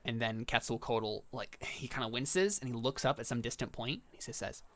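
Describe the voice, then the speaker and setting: A man's voice: mid-range voice, a little fast, a bit bright. A man narrating as game master for a tabletop role-playing game, casual and rambling with asides.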